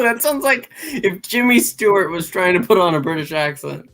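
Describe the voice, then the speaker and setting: A man's voice: sits high, very animated, moderate pace, bright, forceful tone, poor audio. An American man co-hosting a live fan podcast, playful and giggly in casual chat. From United States. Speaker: podcast co-host.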